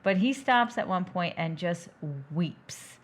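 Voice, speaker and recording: A woman's voice: fairly low pitch, takes it slowly. A woman co-hosting a podcast in casual movie-review chat, retelling scenes step by step. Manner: chatty, recounts scenes step by step. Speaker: podcast co-host.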